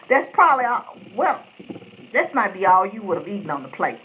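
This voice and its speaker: Rambling woman, lively voice. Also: medium pitch, fairly quick, low-quality recording. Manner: rambling, chatty, greets viewers by name. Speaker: live-stream host chatting with viewers. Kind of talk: casual chat.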